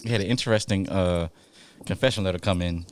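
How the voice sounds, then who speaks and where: A man co-hosting a podcast, arguing and joking in a casual, animated way, often cutting in. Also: low voice, fast talker, a little hiss or hum. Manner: animated, interrupting, laughs often. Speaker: podcast co-host. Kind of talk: casual debate chat.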